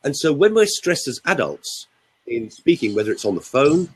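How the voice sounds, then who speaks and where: A man's voice: mid-range voice, big pitch swings, moderate pace, slight background noise, low-quality recording. An older man, a voice coach explaining and demonstrating voice technique in a theatrical way on a radio show. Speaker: voice coach guest.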